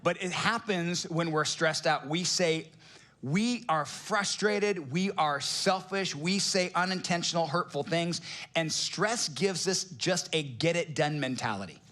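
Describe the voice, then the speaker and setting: A man's voice: fairly high pitch, a little slow, sharp tone. A middle-aged man preaching a sermon in a conversational, joking way, often asking the congregation rhetorical questions. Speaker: pastor.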